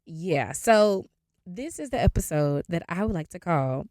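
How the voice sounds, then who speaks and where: Animated young woman storyteller. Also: mid-range voice, unhurried, no echo, studio quality. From Raleigh, North Carolina. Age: 20s. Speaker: podcast host. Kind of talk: casual story time monologue.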